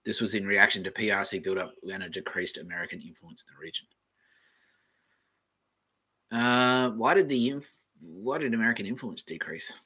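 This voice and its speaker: A man hosting a casual solo podcast, reading aloud from the web and thinking out loud in a rambling way, with the odd swear. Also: lowish voice, normal speed, pauses often, husky. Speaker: podcast host.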